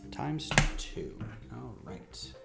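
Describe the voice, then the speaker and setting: A man's voice: extremely slow, over loud music. A man chatting casually on a livestream while he builds, rambling and self-deprecating. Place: home office.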